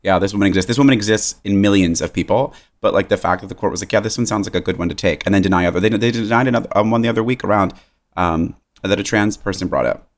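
A man's voice: on the low side, fast talker. A man co-hosting a casual podcast, heated and swearing, tripping over his own restarts. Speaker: podcast co-host.

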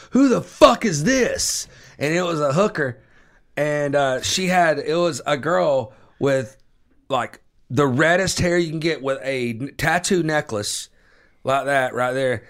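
A man telling a profane story on a casual podcast, animated and loose. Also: mid-range voice, smooth. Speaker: podcast host.

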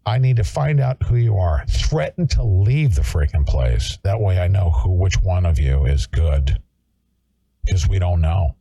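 A man's voice: deep voice, animated, unhurried, vocal fry, warm tone, husky, no echo. A male talk show host ranting in an angry, confrontational way and hectoring his listeners. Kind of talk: political talk show rant.

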